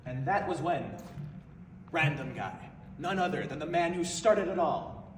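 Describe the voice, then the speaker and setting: A man performing a stand-up comedy story, animated and prone to breaking into laughter. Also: a little high, measured pace. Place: stage in a venue. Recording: echoey hall from far off, noisy.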